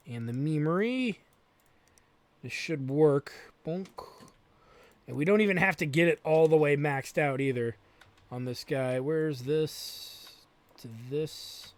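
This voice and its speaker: A man's voice: fairly high pitch, takes it slowly. A man hosting a let's play, thinking aloud as he plays and swearing freely. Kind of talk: gameplay commentary.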